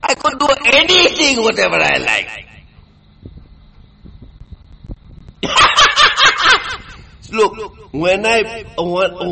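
A crude, boastful man rambles along at a slow, dragging pace. He sounds tipsy and stumbles over constant fillers, and his voice is high and bright. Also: poor audio. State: tipsy from drinking. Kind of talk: rambling monologue.

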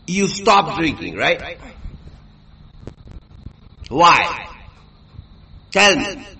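A man's voice: on the high side, sing-song, drawn-out words, bright, forceful tone, poor audio. A tipsy man delivers a rambling monologue. He is crude and boastful, and he stammers through many fillers. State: tipsy from drinking.

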